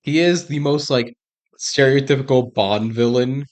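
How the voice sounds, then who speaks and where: Young male podcast co-host, medium voice, quick jokey interjections. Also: medium pitch, a little mellow. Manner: chimes in with quick jokey asides. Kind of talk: casual movie recap chat.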